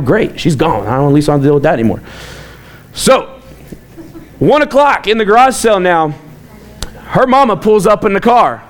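A middle-aged man, a pastor, telling a self-mocking story and acting out the quoted lines with lots of energy. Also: a little high. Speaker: youth pastor. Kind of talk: storytelling talk.

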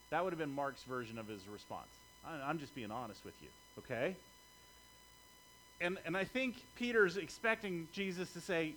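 A man's voice: a little high, very animated, normal speed, bright, forceful tone, slight background noise, low-quality recording. Conversational man preaching a sermon. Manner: conversational, often checking in with "okay?". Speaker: pastor.

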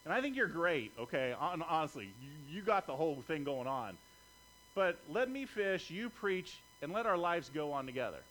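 A man's voice: on the high side, sing-song, moderate pace, fairly bright tone, low-quality recording. A man voicing a tired, grumbling grown fisherman, complaining in a weary, whiny way.

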